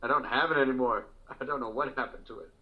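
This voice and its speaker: A man's voice: medium pitch, fairly even intonation, quick pace. A man co-hosting a podcast, laughing often as he reminisces in casual chat. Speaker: podcast co-host. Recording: dull lo-fi podcast audio.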